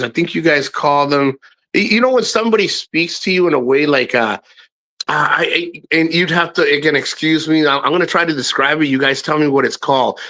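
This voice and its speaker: A man's voice: fairly high pitch, bright, forceful tone. A middle-aged man talking casually to his livestream viewers. He rambles frankly, restarts often and swears freely. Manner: addresses viewers directly. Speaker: live streamer.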